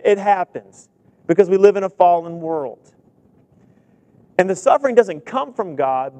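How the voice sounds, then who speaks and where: A man's voice: sits high, dry recording. A man preaching a sermon, who also coaches kids and tells stories with acted-out dialogue. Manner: animated storytelling preacher, acts out dialogue.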